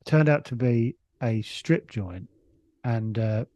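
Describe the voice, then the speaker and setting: A man's voice: mid-range voice, slow pace, warm tone, dry recording. A middle-aged Englishman, a comedian guest, telling a rambling anecdote full of restarts and chuckles. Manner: rambling storyteller with frequent restarts and laughs. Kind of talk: casual anecdote.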